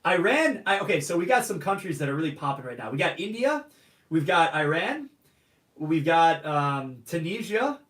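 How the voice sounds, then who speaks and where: A man's voice: a little high, big pitch swings, moderate pace, a bit bright, recorded from a distance. A man hosting a live stream Q&A, upbeat and calling out greetings to viewers from many places. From United States. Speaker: host. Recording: roomy echo, off-mic.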